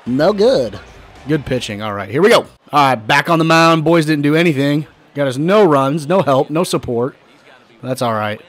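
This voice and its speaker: A hoarse man giving casual, excitable commentary while playing a baseball video game, often swearing and shouting at the players. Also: fairly high pitch, normal speed. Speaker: gaming channel host.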